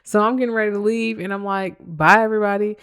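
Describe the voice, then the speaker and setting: A podcast host telling a work story in a casual monologue, animated and emphatic, laughing often and tossing blunt asides at listeners. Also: medium pitch, quick pace, clear, resonant tone.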